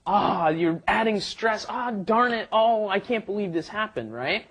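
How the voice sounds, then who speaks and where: Lively, husky-voiced male co-host explaining. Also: sits high, measured pace. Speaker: co-host teacher. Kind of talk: casual lesson chat.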